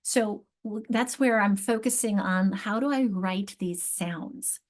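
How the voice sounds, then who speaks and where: Slow-paced and medium-pitched, a woman leads a teacher training workshop on literacy, covering reading and spelling step by step. She restarts frequently and keeps asking her audience questions.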